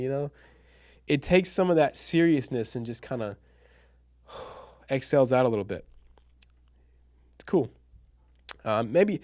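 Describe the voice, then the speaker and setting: A man's voice: mid-range voice, dry recording, studio quality. A young man teaching a casual online copywriting lesson, chatty and slangy, calling listeners bro and dude and laughing at his own examples.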